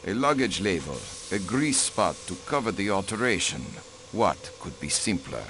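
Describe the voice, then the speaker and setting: Voice acting in a mystery video game, a man plays a count and diplomat who is haughty, aristocratic and protective. His lowish voice is very animated at a normal speed, and his delivery is clipped and dismissive. Background noise is audible.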